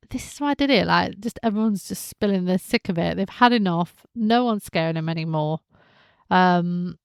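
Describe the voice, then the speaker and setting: Female podcast host, casual soap recap, animated, slips into characters' voices; slight fry, dry close mic. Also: mid-range voice, no echo. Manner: chatty, animated, acts out characters' lines.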